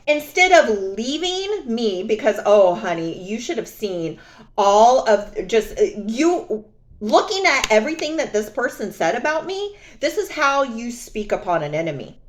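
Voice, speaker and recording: A young adult woman telling a personal story in a casual vlog, sassy and animated, often mocking others. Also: a little high, unhurried. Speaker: vlogger.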